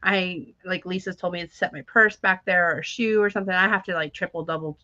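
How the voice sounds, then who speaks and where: A young woman co-hosting a casual chat, telling animated stories with frequent laughs. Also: fairly low pitch, a little fast, no echo, highs cut off. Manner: animated storytelling, laughs often, acts out quotes. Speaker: podcast co-host.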